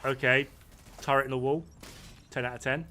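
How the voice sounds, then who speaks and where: Man, gameplay commentator, bright tone, rambling and amused delivery. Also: mid-range voice, fairly even intonation, moderate pace. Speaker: gaming streamer. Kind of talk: casual commentary while playing.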